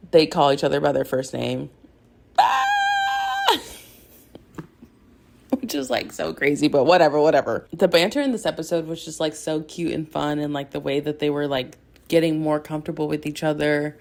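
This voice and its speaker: A woman's voice: sits low, moderate pace, vocal fry. A young woman hosting a podcast, gushing in a rambling casual chat full of "like" and laughter as she recaps a TV episode. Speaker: podcast host.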